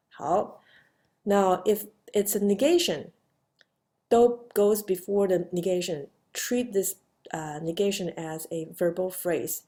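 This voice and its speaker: A woman's voice: fairly low pitch, slow, gravelly, mellow. A woman teaching a grammar lesson patiently, with many fillers and repeated example phrases. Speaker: Chinese language teacher. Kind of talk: slow grammar lesson lecture.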